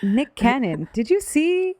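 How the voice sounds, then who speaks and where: A woman's voice: high voice, big pitch swings, measured pace, darkish tone, no echo, studio quality. A woman co-hosting a podcast, reacting bluntly and with plenty of swearing in casual chat. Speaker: podcast co-host.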